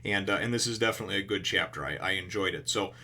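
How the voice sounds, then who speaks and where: A man's voice: deep voice, very fast, pushed and bright. A man casually talking through a comic chapter for his channel, rambling with lots of fillers and restarts and swearing freely. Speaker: video reviewer. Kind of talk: casual chat.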